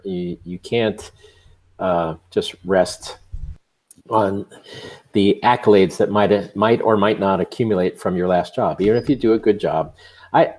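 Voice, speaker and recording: Low-pitched guy on a photo podcast, blunt storyteller, acts out his own lines. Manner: animated anecdotes, quotes himself, blunt swearing. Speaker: photographer guest.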